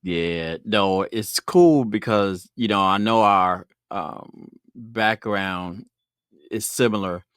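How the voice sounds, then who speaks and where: Brief: deep-voiced podcast host in his fifties, laid-back reflective storyteller, dry close mic. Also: slow pace, smooth, no echo. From Brooklyn, New York. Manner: reflective storytelling, relaxed and personal. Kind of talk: conversational interview.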